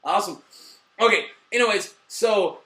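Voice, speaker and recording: Male reviewer host, high bright voice, swearing, rambling, excitable, roomy echo. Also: moderate pace. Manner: excitable, profane, rambling with fillers and mock voices. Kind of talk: casual video review chat.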